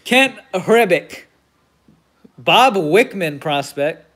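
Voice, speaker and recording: A man's voice: high voice, lively intonation, drawn-out words, a bit bright. A man hosting a card break, casually calling out player names and getting hyped at big pulls. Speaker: host of a card break stream. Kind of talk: casual commentary while opening card packs.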